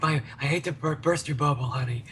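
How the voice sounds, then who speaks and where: Podcast host guy, kinda high voice, teasing, little hum in the back. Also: fairly quick, a bit bright. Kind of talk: casual podcast chat.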